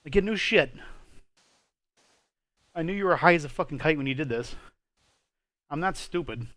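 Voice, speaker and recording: A man's voice: on the high side, expressive, moderate pace, fairly bright tone, no echo. Swearing man ranting about his day. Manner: swearing, storytelling, exasperated ranting. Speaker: host of a gaming channel. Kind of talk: casual chat over gameplay.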